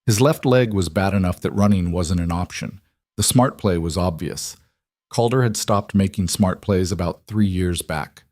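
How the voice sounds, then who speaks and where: Male narrator, grave western storytelling, low voice, dry close sound. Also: moderate pace, darkish tone, dry recording.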